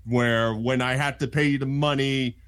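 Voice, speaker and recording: Man, casual sports talk, measured and even, home basement. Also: medium pitch, clear, resonant tone.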